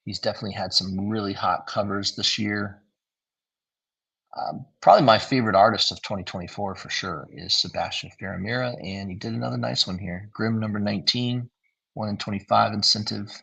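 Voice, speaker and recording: A man's voice: fairly low pitch, fairly quick, creaky, a bit bright, breathy edge. A tired man giving a casual, rambling livestream review of new comics, with lots of fillers. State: tired, yawning.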